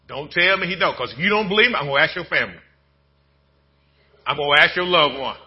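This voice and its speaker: Delivering his sermon fast and with plenty of animation, this husky-voiced pastor talks in a homespun, conversational way. He drops into quiet murmurs, then rises to shouts, all on a muffled recording.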